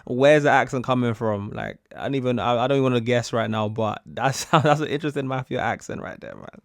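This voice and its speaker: A man's voice: medium pitch, brisk, dry recording. Give me a young man chatting casually about a comedy clip, in a dry close-miked voice. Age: young adult. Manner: relaxed, musing, laughs often. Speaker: reaction video host. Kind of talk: casual reaction commentary.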